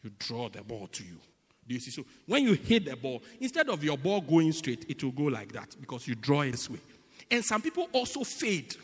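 A man preaching a sermon in a teaching manner, often checking whether the congregation understands, swinging between loud bursts and quiet asides. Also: a little high, huge pitch swings, brisk, slightly rough, big-room sound. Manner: teaching, repeatedly asking the congregation "do you get it?".

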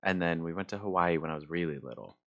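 A man's voice: low voice, fast, a bit bright, dull audio. A man chatting casually, telling rambling stories and laughing often. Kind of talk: casual chat.

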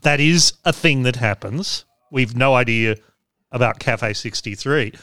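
A man hosts a casual podcast chat, explaining with dry, wry asides. His voice is smooth and clear at a middle pitch and sits close to a dry microphone. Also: unhurried, pushed and bright, dry recording. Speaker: podcast host.

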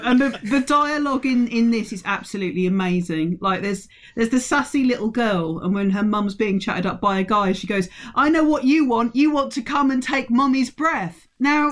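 A podcast co-host in casual film discussion, telling it playfully with frequent giggles. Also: medium pitch.

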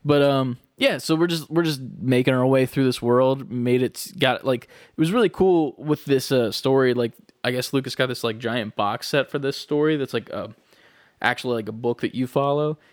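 A man's voice: mid-range voice, normal speed, no echo. Young male podcast co-host, rambling, filler-heavy, dry sound. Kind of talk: casual chat.

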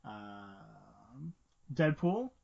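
A man co-hosting a casual film podcast, cracking quick jokes between points. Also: mid-range voice, very animated, vocal fry. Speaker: podcast co-host. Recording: muffled lo-fi audio.

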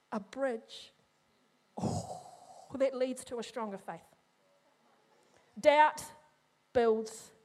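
Animated high-voiced woman preacher. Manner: animated, humorous, addresses the congregation. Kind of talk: sermon.

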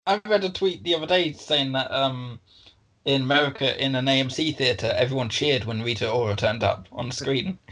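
A man's voice: medium pitch, brisk, fairly bright tone. Laid-back podcast guy, laughs easy, casual chat. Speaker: podcast co-host.

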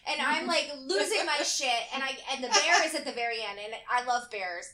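A woman casually telling animated stories in a chat, laughing often and swearing freely. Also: high-pitched, brisk.

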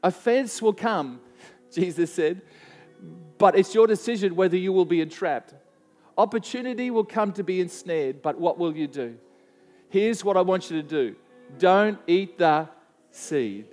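A man with a high-pitched voice preaches to a church congregation. He tells his story earnestly, often restarting a phrase before pressing on. Soft music plays underneath. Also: moderate pace, long reverb tail. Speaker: pastor. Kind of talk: sermon storytelling.

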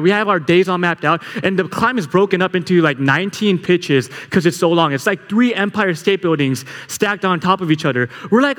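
A young man telling a story to a live audience, energetic and full of "like" fillers. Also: high voice. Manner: energetic, filler-heavy with constant "like". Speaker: speaker at a live talk. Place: large hall. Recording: echoey hall reverb.

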